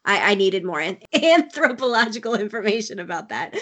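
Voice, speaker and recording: A woman's voice: mid-range voice, animated, moderate pace, fairly bright tone. A woman co-hosting a podcast in casual chat, with dry, wry humor. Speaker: podcast co-host.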